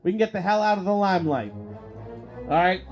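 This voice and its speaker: A man calling wrestling play-by-play on a live stream, excitable and profane, swinging into shouts. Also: sits high, moderate pace, faint music behind, low-quality recording. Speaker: play-by-play commentator.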